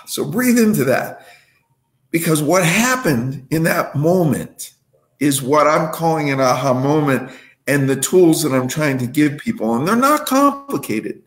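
A man's voice: on the high side, a bit bright. A man speaking as an inspirational guest on a video call, telling stories and checking in with the listener. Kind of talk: motivational talk. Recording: roomy echo.

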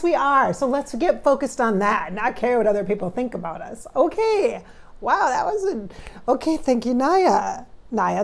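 Chatty woman psychic, higher voice. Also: a little mellow. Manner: chatty, emotional, talks directly to viewers. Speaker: psychic medium. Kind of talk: channeling session.

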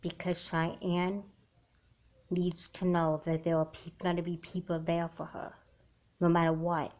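A woman's voice: lowish voice, flat delivery, measured pace, a little mellow, muffled recording, close to an everyday voice. A woman playing an earnest older schoolgirl. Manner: earnest, defensive. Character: junior high girl, worried and defensive older sister. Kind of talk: homemade doll movie acting.

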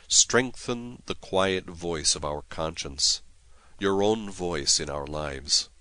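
A priest reads prayers and scripture with solemn, measured care, in a very low voice that moves slowly. His tone is bright and clear. The sound is dry and close, with no room behind it. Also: no echo. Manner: solemn, measured reading with Latin chant-like prayers. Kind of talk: devotional reading of prayers and scripture.

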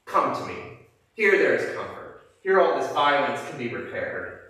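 A man preacher reading aloud the lines of a gloating male Satan, ruler of hell, in a steady voice. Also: medium pitch, moderate pace. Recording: echoey church from a distance.

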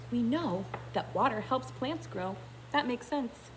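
A woman kindergarten teacher reading a picture book aloud, pausing to explain in a gentle, thinking-aloud way. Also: fairly high pitch, lively intonation, a little hiss or hum.

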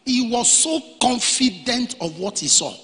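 A male pastor preaching a sermon, dropping to quiet storytelling and then rising to shouted lines. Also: extremely high pitch, animated, a little slow, faint music behind. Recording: reverberant hall.

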